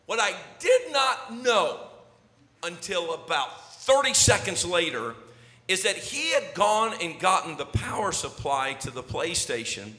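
A middle-aged pastor tells comic family stories with lively, playful delivery, acting out each scene. His voice sits a little high and sounds bright. It carries a long echo from a large hall. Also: measured pace. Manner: animated, jokey, acts out scenes. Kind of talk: storytelling sermon intro. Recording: echoey hall reverb.

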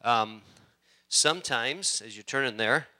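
A man preaching a sermon as pastor, telling stories with rising, animated energy. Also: mid-range voice, unhurried. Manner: animated storytelling, rising excitement.

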